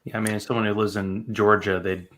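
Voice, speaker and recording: A male podcast guest who chats and tells stories with a sarcastic edge. His voice is on the low side, and his delivery is bright and forceful. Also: flat delivery, quick pace. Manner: sarcastic, chatty storyteller. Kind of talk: casual chat.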